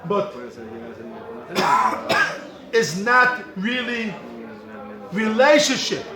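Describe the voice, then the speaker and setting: A man's voice: sits high, animated, very slow. A man teaching a yeshiva Torah class, repeating his points emphatically and calling out to students by name. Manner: repetitive, emphatic, calls out to students. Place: study hall with students. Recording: echoey hall with a crowd of students.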